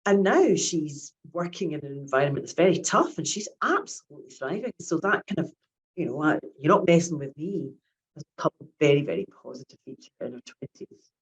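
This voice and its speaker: A woman's voice: low-pitched, big pitch swings, a little fast, low-quality recording. A woman, giving a chatty academic lecture on child psychiatry and often repeating her words.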